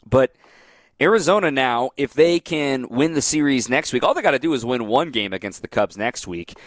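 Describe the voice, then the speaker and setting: A man's voice: medium pitch, lively intonation, moderate pace, no room sound. A male sports radio host talks straight into a studio mic, reading off standings and talking through upcoming series. His voice rises and falls with enthusiasm. The sound is dry and close, with no room around it. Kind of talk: post-game radio talk show.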